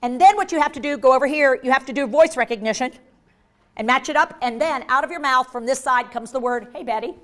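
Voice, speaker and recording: A woman giving a lively live workshop on dementia care, acting out inner voices and joking with the audience. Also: high voice, fast talker. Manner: animated, acts out inner voices, jokey asides to the audience.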